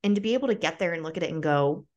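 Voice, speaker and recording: Young female podcast host, a little low-pitched, candid, animated, filler-heavy talk. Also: rapid-fire, highs cut off. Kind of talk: casual conversation.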